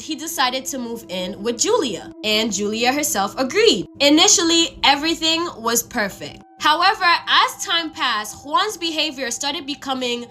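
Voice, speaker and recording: Bright, high-voiced woman storyteller. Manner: animated. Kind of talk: scripted horror narration.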